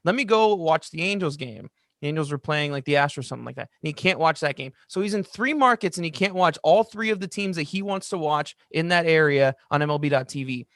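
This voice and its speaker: Young male podcast co-host, slightly high voice, dry close sound, excited rambling storyteller. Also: fast talker, hardly any pauses, no room sound. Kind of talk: casual chat. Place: lives in Los Angeles.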